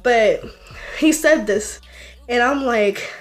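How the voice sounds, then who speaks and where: A woman's voice: on the high side, takes it slowly. Rambling woman vlogger with faint music. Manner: rambling, full of "like" and restarts. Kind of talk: casual storytelling.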